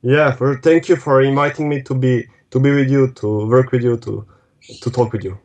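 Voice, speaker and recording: Male guest, broken English, mid-pitched voice. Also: fairly even intonation, a little mellow. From Serbia. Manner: halting, broken English with restarts. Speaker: podcast guest.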